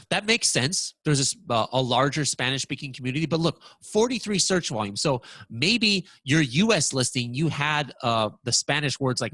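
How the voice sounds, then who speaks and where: A man presenting a software walkthrough lesson, talking excitedly and stammering when surprised. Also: mid-range voice, no room sound.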